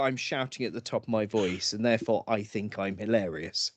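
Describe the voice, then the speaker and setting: A man co-hosting a casual podcast, telling stories slowly and laughing often. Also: lowish voice, dry recording. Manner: slow, laughing storytelling with acted drunk voices. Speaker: podcast co-host. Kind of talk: casual chat.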